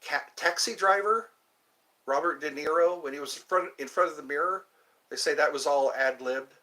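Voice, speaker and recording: A man hosting a casual livestream, rambling and answering viewer comments with halting fillers. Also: a little high, pushed and bright. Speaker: livestream host. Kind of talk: casual live chat with viewers.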